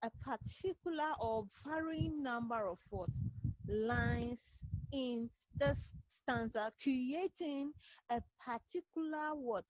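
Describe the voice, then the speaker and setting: A woman's voice: high voice, slow, no echo, low-quality recording. A woman with a Ghanaian accent teaching a literature class online, drilling key points and asking "what?" questions that she answers herself. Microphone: computer mic on a video call.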